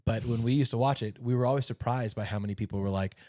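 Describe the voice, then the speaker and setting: A man in his thirties co-hosting a casual podcast chat, animated and jokey, rambling through stories. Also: mid-range voice, fast talker, dry recording, clean studio sound. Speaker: podcast co-host.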